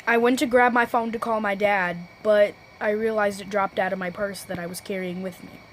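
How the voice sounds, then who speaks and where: A teenage girl recounting a story for her vlog at a medium pitch. She rambles, corrects herself mid-sentence and keeps saying "low-key," with a faint noise under her voice. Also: fairly even intonation, fairly quick, poor audio. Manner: self-correcting, restarts sentences. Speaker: vlogger.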